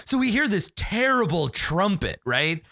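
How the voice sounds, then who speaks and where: A man's voice: high-pitched, very animated, unhurried, bright, forceful tone, dry recording, clean studio sound. A man narrating a solo tabletop game in the first person, rambling and emotional, with many fillers.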